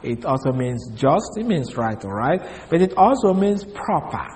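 A man's voice: fairly high pitch, big pitch swings, moderate pace, darkish tone, big-room sound, low-quality recording. A man giving a Bible study lecture, explaining step by step and spelling out words letter by letter. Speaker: Bible teacher.

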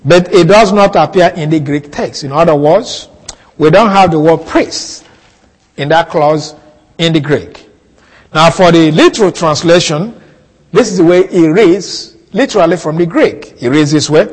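A man teaching a Bible passage in a sermon, slow and deliberate, repeating key words for emphasis. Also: fairly high pitch, expressive, breathy edge, big-room sound, rough recording. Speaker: preacher.

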